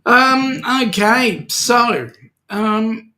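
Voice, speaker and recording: A man's voice: sits high, animated, drawn-out words, sharp tone. An Australian man hosting a casual livestream chat, joking around and reading out viewer comments. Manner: jokey, reads out viewer comments. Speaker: host.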